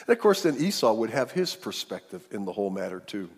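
A male pastor telling a story in a sermon, animated and acting out the characters. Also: medium pitch, normal speed, breathy edge. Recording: long hall reverb.

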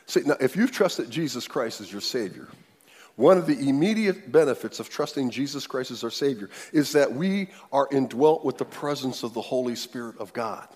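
A man preaching a sermon, animated, his voice leaping up and growing loud when he acts out quotes. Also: mid-range voice, big-room sound. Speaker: pastor.

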